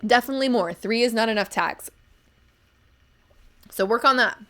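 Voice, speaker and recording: A woman's voice: on the high side, moderate pace, sharp tone. An American woman in her thirties, chatting casually on a live stream as she reviews stories and answers chat, with lots of ums. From United States.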